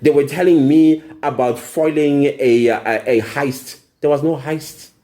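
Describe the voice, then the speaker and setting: A man's voice: a little high, a little slow, dark tone. A young man venting angrily in a personal vlog, indignant and emphatic, repeating phrases for emphasis. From South Africa. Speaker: vlogger. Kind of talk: angry personal vlog rant.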